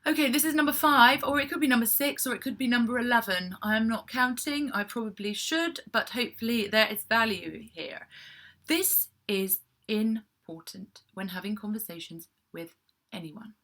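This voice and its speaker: Bright, chatty English woman giving advice. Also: on the high side, moderate pace. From England. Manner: chatty, animated, self-deprecating asides. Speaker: PR coach vlogger. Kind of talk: casual advice to camera.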